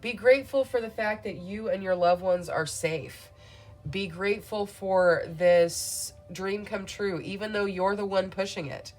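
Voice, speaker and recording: A woman's voice: medium pitch, fairly even intonation, unhurried, a little mellow, soft background music. A woman reading tarot cards for her viewers in a soothing, affirming way. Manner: soothing, affirming, speaks to viewers as "beautiful souls". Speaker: tarot reader.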